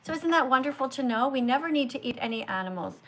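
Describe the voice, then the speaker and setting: A woman with a fairly high voice hosts a live stream on her phone. She speaks in an emphatic, earnest, lecturing way, addressing a guest and her viewers directly. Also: lively intonation, fast. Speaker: livestream host.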